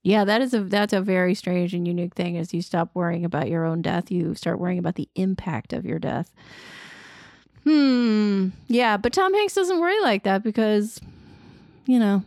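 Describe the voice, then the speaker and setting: A woman's voice: mid-range voice, expressive, darkish tone, no echo, clean studio sound. A woman co-hosting a casual movie podcast who asks questions and laughs easily. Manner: quick to laugh, inquisitive. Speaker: podcast co-host.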